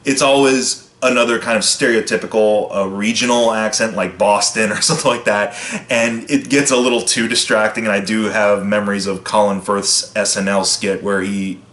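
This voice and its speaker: A man giving a casual film review, chatty and loose, full of fillers and self-corrections. His voice sits on the low side. The room around him adds a noticeable echo. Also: fairly even intonation, moderate pace, a bit bright. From United States. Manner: chatty, loose, frequent fillers and restarts, brief impressions of lines.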